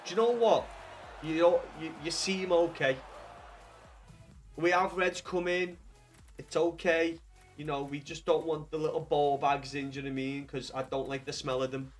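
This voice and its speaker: A young man chatting casually to viewers while streaming a football video game, rambling and swearing with excited bursts. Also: a little high, moderate pace, soft background music. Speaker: gaming livestreamer. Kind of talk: casual livestream chat with viewers.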